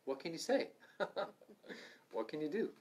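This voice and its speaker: A middle-aged man leading a livestreamed Bible study, earnest and conversational, swinging from loud urging to soft asides. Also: a little high, very animated, a little slow. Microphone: livestream microphone.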